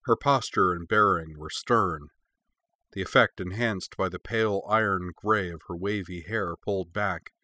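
A man narrating a story aloud in a steady, descriptive way. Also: low voice, no echo. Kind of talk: read-aloud fan fiction narration.

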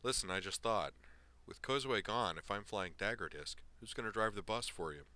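A cheerful young pilot who talks casually and easily, as a man reads him. The voice is low and bright with a forceful edge. It is storybook reading rather than full acting. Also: animated, normal speed.

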